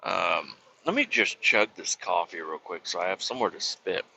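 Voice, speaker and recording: A man's voice: low voice, lively intonation, normal speed, gravelly, sharp tone. A truck driver venting in a profane, casual vlog monologue from his cab. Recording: dull lo-fi audio with faint road noise.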